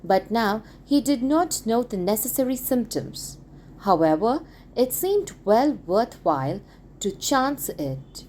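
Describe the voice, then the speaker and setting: A woman reading a classic story aloud for schoolchildren, clearly and expressively. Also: mid-range voice, dark tone, slight background noise. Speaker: audiobook reader. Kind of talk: expressive read-aloud narration.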